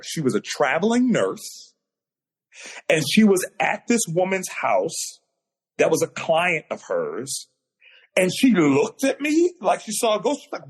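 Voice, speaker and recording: Appearing as a podcast guest over a video call, a man shares a personal story earnestly and emotionally, building in intensity as he goes. His voice is husky and sits on the higher side.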